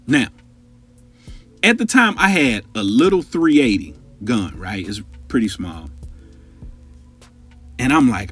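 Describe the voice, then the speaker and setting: A man in his thirties telling a long personal story on a podcast, profane and animated, talking straight to his listeners. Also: mid-range voice, takes it slowly, long pauses, breathy edge, soft background music. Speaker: podcast host.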